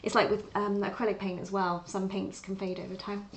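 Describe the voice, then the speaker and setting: A young woman from England talks while she draws at home, her accent carrying a light Essex tinge. She chats in a loose, rambling way, full of fillers and restarts, with a middling pitch. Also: little pitch movement, brisk, a little hiss or hum. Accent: Essex-tinged English. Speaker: livestream art host. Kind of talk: casual chat while drawing.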